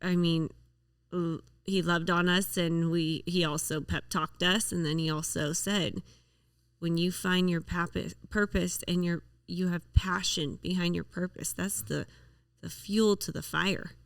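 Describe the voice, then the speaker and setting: A woman's voice: lowish voice, fairly even intonation, a little slow, vocal fry, dry recording, studio quality, far from the mic. A woman co-hosting a podcast, explaining things in a frank, chatty way. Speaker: podcast co-host. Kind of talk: casual chat.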